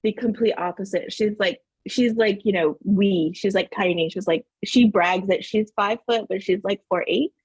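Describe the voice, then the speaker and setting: A middle-aged woman from Southern New Mexico with a slightly husky voice, recorded dry and close. She tells family stories as a podcast guest, animated and quick to laugh, with plenty of "like" fillers. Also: mid-range voice, dry recording. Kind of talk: casual storytelling interview.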